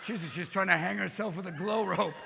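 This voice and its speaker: A man performing live stand-up comedy with manic energy, jumping between voices and bursts of shouting. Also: sits high, fairly quick, gravelly. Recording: live hall reverb, crowd noise. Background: audience laughter.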